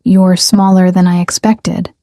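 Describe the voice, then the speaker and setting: A woman voicing a huge, scarred male mob enforcer who talks in a gruff, blunt way. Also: on the low side, flat delivery, a little slow, mellow, no echo, studio quality, lightly acted.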